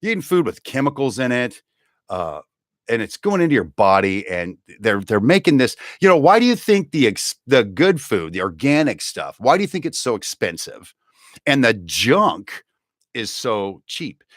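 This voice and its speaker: A man hosting a live comedy show, rambling and joking to camera, jumping between loud bursts and low mutters. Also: sing-song, moderate pace, dry recording, clean studio sound. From United States.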